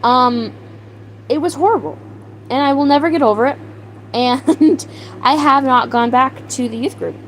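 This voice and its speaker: A young woman hosting a livestream, telling a story in a casual, animated way with mock outrage and laughter, answering her chat. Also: high-pitched, a little slow, pauses often, a little hiss or hum, low-quality recording. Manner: animated, exaggerated outrage, laughing, reads chat names aloud. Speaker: livestream host.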